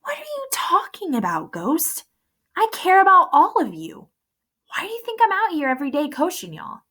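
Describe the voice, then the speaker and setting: A woman's voice: very high-pitched, wildly swooping pitch, normal speed, bright, forceful tone, pitched above the performer's own voice, heavily acted. A woman reading the lines of a middle-aged male running coach who speaks firmly and presses his point. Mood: insistent. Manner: firm, pressing.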